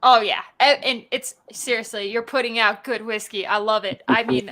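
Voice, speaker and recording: A woman's voice: on the high side, steady tone, normal speed, bright, forceful tone. A woman hosting a casual live stream from her laptop, bubbly and joking, reading out viewer comments and laughing often. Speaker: show host.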